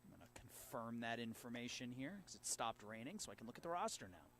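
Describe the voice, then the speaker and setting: A man doing live play-by-play of a high school baseball game from an outdoor field, steady and rising sharply on big plays. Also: quick pace, a little hiss or hum. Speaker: play-by-play announcer.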